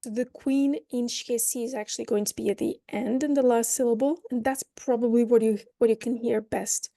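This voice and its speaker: A woman teaches an online language lesson, explaining the rules through playful metaphors and modeling phrases slowly before repeating them at natural speed. Her fairly high voice is mellow and soft-edged, with vocal fry and fairly even intonation. The recording is dry and close-miked, with no room sound.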